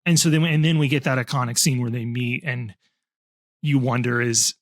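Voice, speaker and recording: A man's voice: medium pitch, steady tone, normal speed, no echo, clean studio sound. A man co-hosting a film podcast, talking enthusiastically and explaining background at length in casual chat. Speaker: podcast co-host.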